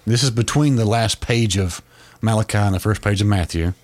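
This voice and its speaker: A man's voice: fairly low pitch, a little fast, darkish tone. A man co-hosting a podcast, explaining a long story in a casual way, with frequent restarts. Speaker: podcast co-host.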